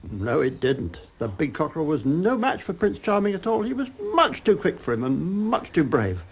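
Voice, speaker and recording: An older man telling a child a story in a lively, dramatic way, as a grandfather. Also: on the high side, normal speed, husky.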